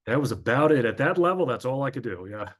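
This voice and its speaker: A man's voice: medium pitch, expressive, quick pace. A man in his fifties from northern New Jersey, a former sportscaster, telling his life story as an interview guest in a chatty, anecdotal way with frequent fillers.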